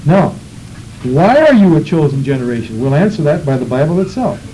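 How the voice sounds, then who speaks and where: Male preacher, fervent sermon, high lively voice, mellow tone, faint hiss. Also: a little fast, poor audio. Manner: fervent, rhythmic preaching with scripture reading.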